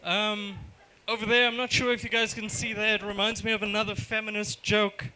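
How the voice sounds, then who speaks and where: A man from Johannesburg with a South African accent doing a deadpan, self-deprecating stand-up set in a bar. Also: high-pitched, fairly quick, low-quality recording. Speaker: stand-up comedian. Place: comedy bar stage.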